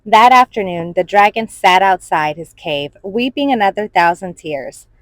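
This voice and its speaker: A woman reading a children's storybook aloud in an expressive, animated way. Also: mid-range voice, moderate pace, dry recording, rough recording. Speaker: storybook reader.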